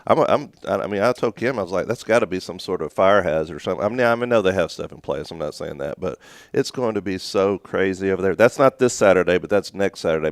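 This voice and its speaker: Very deep-voiced man, smooth and excited. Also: dry recording, clean studio sound. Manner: excited, repeats himself. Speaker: radio show co-host. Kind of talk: casual on-air chat.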